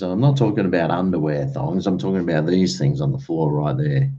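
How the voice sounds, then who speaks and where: Deep-voiced Australian man chatting. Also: fairly quick, dark tone. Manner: rambling, chatty, uses slang and mate. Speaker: livestream host. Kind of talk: casual chat with live viewers. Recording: dull lo-fi stream audio.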